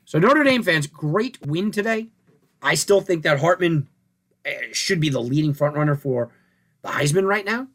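Animated male sports talk host. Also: a little high, moderate pace. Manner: animated, conversational, thinking aloud with rhetorical questions. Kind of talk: casual sports talk and analysis.

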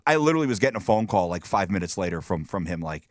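A man casually telling stories on a podcast, animated and stumbling over restarts, acting out quotes. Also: low voice, rapid-fire, no room sound, studio quality. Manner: animated storyteller, many restarts, acts out quotes. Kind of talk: casual chat, storytelling.

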